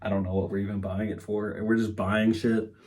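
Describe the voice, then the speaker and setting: A young man hosts a comedy podcast, rambling through a profane monologue and acting out quotes in raised, mocking voices while swearing a lot. His fairly low voice is level in tone, brisk, and darkish.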